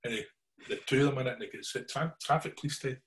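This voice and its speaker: A middle-aged man with a Glaswegian Scottish accent telling stories in casual chat, animated and always checking in with his listeners. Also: mid-range voice, very fast. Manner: animated yarn-spinning, keeps checking in with listeners.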